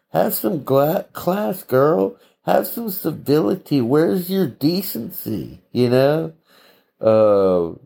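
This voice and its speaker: A man with a lowish, warm, mellow voice talks slowly through a solo podcast monologue. He is blunt and opinionated. He leans on rhetorical questions and little "right?" tags. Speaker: podcast host.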